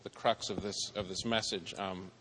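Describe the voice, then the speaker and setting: Hesitant low-voiced man in a reverberant room. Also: steady tone, moderate pace, noisy background. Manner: hesitant, searching for words. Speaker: father and speaker on parenting. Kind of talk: casual talk on faith and parenting.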